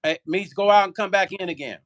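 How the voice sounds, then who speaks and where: A man's voice: high-pitched, brisk, a bit bright. A man vlogging in a heated, profane rant, repeating himself and firing rhetorical questions. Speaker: musician.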